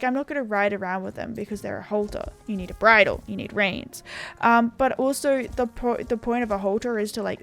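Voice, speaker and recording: Chatty Australian woman, a little high. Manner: rambling and chatty, full of fillers like "like" and "you know". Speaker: gaming YouTuber. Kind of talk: casual chat.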